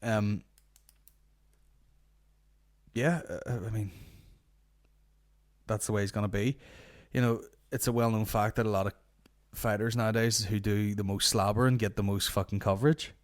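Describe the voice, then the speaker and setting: A man's voice: fairly low pitch, steady tone, moderate pace. A young man with a Northern Irish accent hosting a podcast, rambling through sweary casual banter. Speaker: podcast host. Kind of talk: casual chat.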